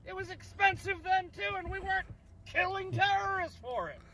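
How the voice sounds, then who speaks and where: A man's voice: very high voice, expressive, moderate pace, bright, forceful tone, a little hiss or hum, low-quality recording. A man in a heated, sarcastic social media rant, agitated and swearing. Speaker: host.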